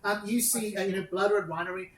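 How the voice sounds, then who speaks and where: A woman's voice: mid-range voice, fairly even intonation, quick pace. A woman narrating as game master of a tabletop game, describing scenes with frequent ums and restarts. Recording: roomy echo with faint noise.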